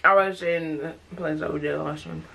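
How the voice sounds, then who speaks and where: A woman's voice: low-pitched, fairly even intonation, moderate pace, gravelly, sharp tone, rough recording. A woman, the daughter, chatting casually while eating on camera, sounding fed up with being poked and teased. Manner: exasperated and chatty. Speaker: daughter co-hosting a mukbang.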